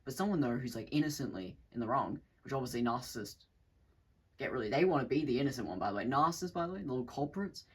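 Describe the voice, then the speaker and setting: A man's voice: medium pitch, lively intonation, fast, slightly rough, low-quality recording. A man talking off the cuff in a casual monologue, rambling with restarts and swearing, now and then acting out other people's voices. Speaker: channel host.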